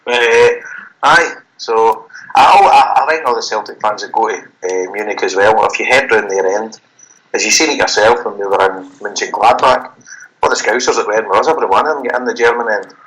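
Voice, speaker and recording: A man's voice: on the low side, a bit bright, poor audio. A Scottish man co-hosting a podcast, chatting loosely and rambling about football. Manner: rambling, sweary, quick to laugh. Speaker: podcast co-host. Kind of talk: casual football chat.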